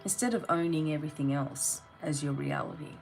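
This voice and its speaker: A woman's voice: low-pitched, a little fast, vocal fry, soft background music, rough recording. A woman giving a tarot reading, talking straight to the viewer in a blunt, motivating way. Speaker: tarot reader.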